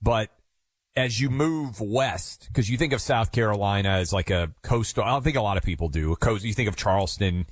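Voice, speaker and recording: A man's voice: lowish voice, a little fast. A man co-hosting a talk show, explaining things casually and thinking aloud as he searches for words. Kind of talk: casual conversational chat.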